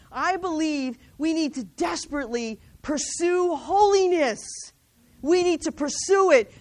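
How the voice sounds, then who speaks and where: Middle-aged woman speaker with a high voice, delivering an exhortation sermon full of rhetorical questions. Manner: exhorting, rhetorical questions, reads scripture aloud. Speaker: women's ministry speaker.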